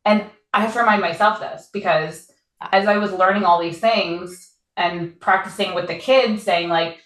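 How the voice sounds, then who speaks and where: A woman's voice: medium pitch, fairly even intonation, moderate pace, a bit bright. Candid chatty woman in an echoey room. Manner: candid, laughs often, rambling. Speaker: podcast co-host. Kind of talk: casual chat.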